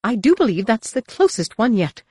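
A woman's voice: on the high side, sing-song, normal speed, darkish tone, husky, dry recording, studio quality, voice pushed up, heavily acted. A woman voicing a fussy, anxious male protocol droid in an audiobook reading, with a prim, fretful, wailing manner. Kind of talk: audiobook character voice.

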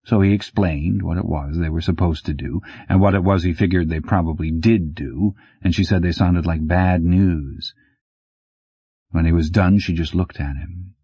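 A man reading fiction aloud as an audiobook narrator, in a steady, even storytelling manner. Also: deep voice, moderate pace, slightly rough, no echo. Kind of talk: scripted narration. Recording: dull dry lo-fi sound.

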